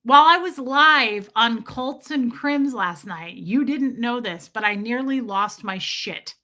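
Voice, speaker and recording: A woman with a bright, forceful voice rants casually to her livestream audience. Her pitch sits a little on the high side, and she talks quickly with lots of restarts and filler "like"s. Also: animated. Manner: fast, chatty, full of restarts and "like". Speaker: livestream host. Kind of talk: casual ranting storytelling.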